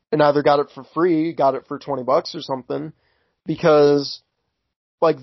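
A man's voice: on the high side, breathy edge, no echo. A man co-hosting a podcast, laying out his reasoning earnestly in casual chat. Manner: earnest, reasoning argument with restarts. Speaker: podcast co-host. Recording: dull lo-fi dry recording.

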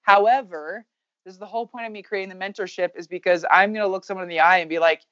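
Blunt, energetic woman in her thirties. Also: lowish voice, fast, dry recording, dull audio. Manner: energetic, blunt, swears casually. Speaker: guest, baseball coach. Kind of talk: candid podcast conversation.

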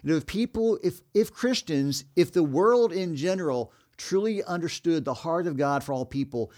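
A man co-hosting a Bible discussion, speaking in a steady, reflective, conversational way. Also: a little high, moderate pace. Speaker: co-host.

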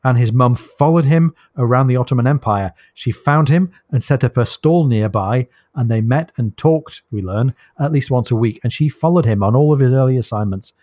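A man's voice: mid-range voice, moderate pace, hardly any pauses, dark tone, no echo, studio quality. A man co-hosting a casual book podcast, recounting the story with enthusiasm and frequent laughs. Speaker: podcast co-host.

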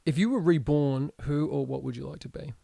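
A man hosts a podcast, rattling through quick questions and joking along with his guest. His voice sits a little higher than most men's. The recording is close and dry. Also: vocal fry, mellow, no room sound. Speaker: podcast host. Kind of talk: casual interview chat.

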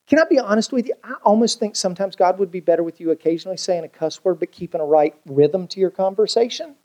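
Joking pastor telling stories in a sermon. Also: male voice, high-pitched, fast. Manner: humorous storytelling, animated quoted voices.

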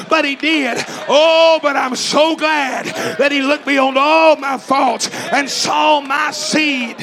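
A man from East Tennessee, preaching a fervent sermon in a church with shouted, repetitive lines. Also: very high-pitched, vocal fry, noisy background.

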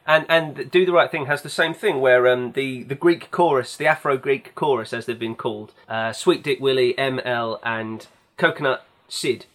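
A man's voice: mid-range voice, normal speed, hardly any pauses, a bit bright. A man hosting a casual film chat, rambling and enthusiastic with anecdotes. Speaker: podcast host.

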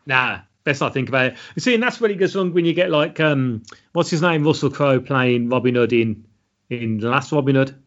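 A man's voice: medium pitch, animated, brisk, fairly bright tone. A man co-hosting a casual film podcast, reading out film facts in a matter-of-fact way. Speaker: podcast co-host. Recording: dull lo-fi sound.

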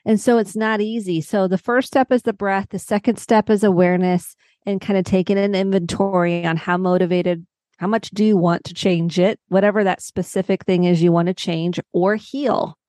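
A woman's voice: mid-range voice, steady tone, normal speed, mellow, no room sound, clean studio sound. A middle-aged woman psychotherapist explaining coping steps as a podcast guest, walking through everyday examples. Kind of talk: podcast interview.

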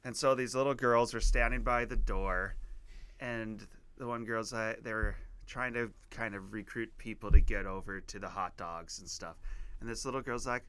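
A man's voice: fairly low pitch, fairly even intonation, normal speed, pushed and bright, clear, resonant tone. A man co-hosting a podcast, telling an embarrassing story with lots of laughter. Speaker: podcast co-host. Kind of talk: casual podcast chat.

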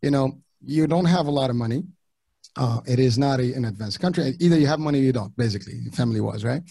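A middle-aged man from Morocco, whose first languages were French and Arabic, talking casually as an interview guest in halting sentences with many restarts. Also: medium pitch, mellow, no echo. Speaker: podcast guest.

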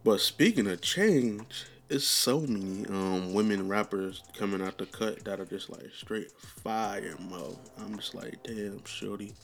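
A young man with a somewhat low voice talks loosely on his podcast, drifting from thought to thought with plenty of ums and casual swearing. Soft music plays faintly in the background. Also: a little slow, few pauses. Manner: rambling, loose and profane, full of fillers. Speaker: podcast host. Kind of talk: casual chat.

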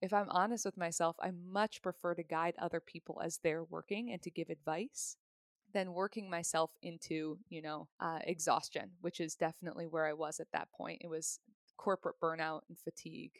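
A woman with a low, gravelly voice talks through ideas on a podcast. She explains in a chatty, easygoing way and laughs now and then. The sound is close and dry, with no room around it. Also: steady tone, moderate pace, no echo. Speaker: podcast guest, human design reader. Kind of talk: casual podcast conversation.

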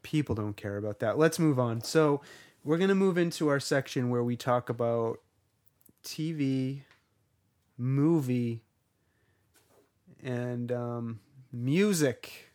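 A man's voice: mid-range voice, slow pace, a little mellow. A man co-hosting a podcast in casual chat, rambling and joking, sometimes putting on a bad British accent. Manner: rambling, jokey, mock British bits. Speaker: podcast co-host.

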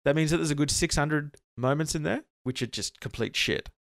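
A man's voice: a little high, brisk, vocal fry, a bit bright, dry recording, studio quality. A man co-hosting a podcast while sick with a sore throat, joking and rambling with lots of restarts. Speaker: podcast co-host. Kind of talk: casual chat.

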